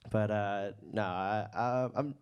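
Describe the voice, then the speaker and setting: A man's voice: lowish voice, darkish tone, clear, resonant tone. Guy doing stand-up, self-deprecating, hesitant, restarts his sentences a lot. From South Shore of Massachusetts. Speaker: stand-up comedian. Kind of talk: stand-up set. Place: comedy club stage.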